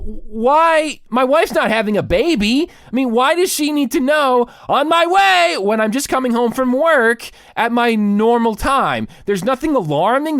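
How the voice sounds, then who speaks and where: A man's voice: sits high, no room sound, studio quality. A man hosting a podcast, delivering a comic rant with exaggerated mock panic. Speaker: podcast host.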